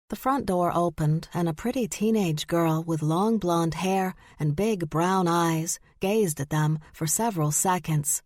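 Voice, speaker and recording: A woman narrating an audiobook in a measured, deliberate way. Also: on the low side, a little mellow, dry recording, clean studio sound. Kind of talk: scripted narration.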